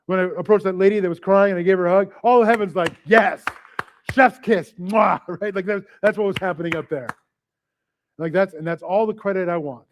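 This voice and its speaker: A man's voice: sits high, fairly even intonation, fast, darkish tone, a little hiss or hum. A man preaching a sermon as pastor, casual and joking, often acting out little voices and asides. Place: church service.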